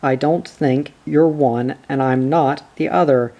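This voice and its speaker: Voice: mid-range voice, fairly even intonation, unhurried, dark tone. A reader doing a fierce, vehement young woman. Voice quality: vehement, scalding retorts. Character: fierce, proud young woman standing her ground.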